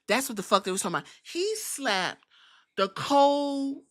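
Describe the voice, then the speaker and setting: A woman hosting a podcast, recapping a wrestling show in animated, profane, storytelling chat. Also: high-pitched, a little fast. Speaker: podcast host.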